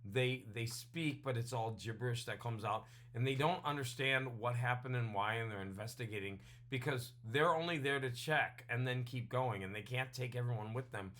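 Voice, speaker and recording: A man with a bright, ringing voice chats casually into a home webcam mic. He rambles and drifts between topics, laughing at himself as he goes. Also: medium pitch, normal speed, hardly any pauses. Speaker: vlogger reviewing books and puzzles. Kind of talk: casual weekly vlog chat. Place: home room with his dog nearby.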